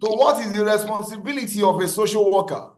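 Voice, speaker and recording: Male lecturer on a video call, high voice, repeats points for emphasis. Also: fast, darkish tone, reverberant, rough recording. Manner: repeats key phrases, asks class questions. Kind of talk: online class lecture.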